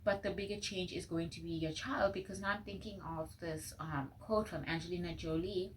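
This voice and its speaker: A woman's voice: lowish voice, fairly even intonation, brisk, slight background noise, poor audio. Earnest woman doing a tarot reading. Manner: earnest, drifting into soft whispered asides. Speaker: tarot reader. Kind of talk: casual pick-a-card reading. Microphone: phone microphone.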